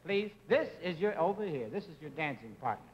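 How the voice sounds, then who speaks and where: A man's voice: fairly high pitch, very animated, a little fast, a little hiss or hum. A man playing a bossy, impatient dance teacher in a live 1950s TV comedy sketch, exasperated and often laughing. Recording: dull lo-fi 1950 TV audio with loud audience laughter.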